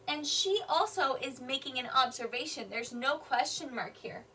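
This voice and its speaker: A woman kindergarten teacher reading a picture book aloud to young children, slowly explaining each sentence in simple words. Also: high voice, lively intonation, bright, forceful tone, husky. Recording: voice a bit distant from the mic.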